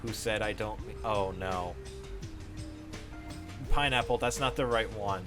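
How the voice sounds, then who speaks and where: A man's voice: on the low side, a little slow. A man live-streaming a game, chatting casually, reading out viewer messages, often laughing and exclaiming. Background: game music.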